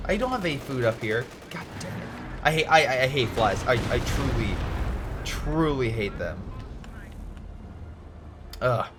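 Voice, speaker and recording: A man casually commentating a strategy game replay, animated and excitable, joking and swearing at the screen. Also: mid-range voice, measured pace, long pauses, noisy background.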